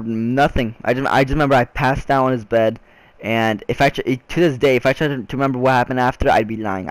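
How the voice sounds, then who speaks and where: A man's voice: mid-range voice, clear, resonant tone, no echo. A young man vlogging a casual storytime, rambling with frequent restarts and filler words.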